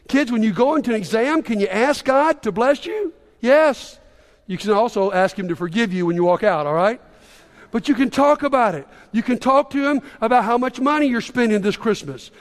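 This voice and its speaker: A man preaching a casual, conversational sermon as a pastor, sometimes acting out the voices of the people he quotes. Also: very high voice. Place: church sanctuary. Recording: reverberant church hall.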